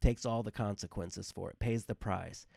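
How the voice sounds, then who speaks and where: A man's voice: fairly low pitch, moderate pace, creaky, a little mellow, breathy edge, no echo, clean studio sound. A man hosting a devotional talk, speaking earnestly and informally with many fillers and repeated words. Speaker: devotional podcast host.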